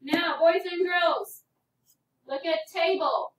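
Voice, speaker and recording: A woman's voice: extremely high pitch, takes it slowly, recorded from a distance. A woman teacher leading a phonics lesson for young children, asking questions patiently and calling on pupils. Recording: echoey classroom, voice from off-mic, faint noise.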